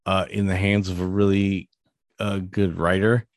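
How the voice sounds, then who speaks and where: A man with a fairly low voice co-hosting a casual podcast, rambling and hesitant with lots of restarts. The sound is dry and close. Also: level tone, a little slow, no room sound. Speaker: podcast co-host. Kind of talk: casual chat.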